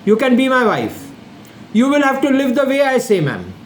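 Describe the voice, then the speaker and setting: Insistent older Indian man, high lively voice. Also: moderate pace. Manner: insistent, repetitive, addresses the listener formally over and over. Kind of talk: direct-to-camera monologue. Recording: echoey room with faint air-conditioning hum.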